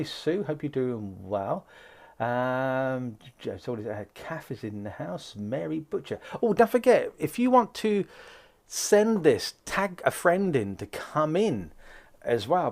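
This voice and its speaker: A man's voice: mid-range voice, a little mellow. A man hosting a live psychic stream, greeting viewers by name and chatting casually between asides.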